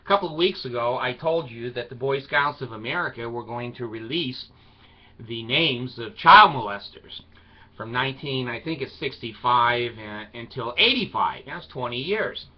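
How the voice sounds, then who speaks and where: A video blogger talks to camera in a loose, rambling monologue with a wry, irreverent tone. His mid-range voice has lively intonation at normal speed, captured in a slightly dull lo-fi recording.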